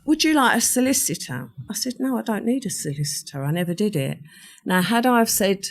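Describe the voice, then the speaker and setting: A woman's voice: mid-range voice, sing-song, a little fast. Older woman telling a vivid story. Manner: vivid storyteller who acts out what others said. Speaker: podcast guest. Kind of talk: recounting a personal story in conversation.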